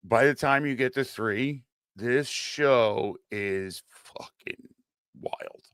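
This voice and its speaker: A man's voice: medium pitch, slow, fairly bright tone, smooth, no echo, studio quality. A man co-hosting a podcast, talking casually and enthusiastically, with crude jokes and swearing. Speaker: podcast co-host.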